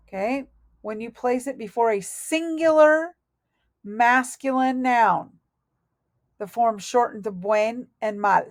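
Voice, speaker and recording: Lady teacher going over spanish notes, dry close sound, slow and careful. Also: on the high side, no echo. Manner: slow and deliberate, correcting herself aloud. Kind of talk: recorded lesson reading through notes.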